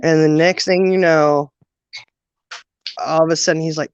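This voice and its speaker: Halting woman recounting memories, lo-fi. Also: deep voice, steady tone, clean tone, no echo. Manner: halting, emotional recollection with many fillers. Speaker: guest sharing childhood story. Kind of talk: personal storytelling. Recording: dull, dry lo-fi sound.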